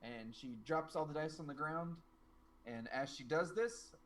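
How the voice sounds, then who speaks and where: A man narrating as game master in an animated, expressive way. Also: on the high side, measured pace.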